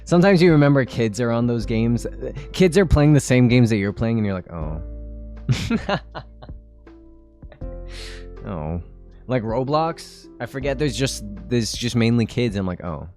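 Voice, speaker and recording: Man in his twenties, casual stream chat, rambling, laughs a lot, mid-pitched, faint music behind. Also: animated, normal speed, darkish tone. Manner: rambling and chatty, with frequent laughs.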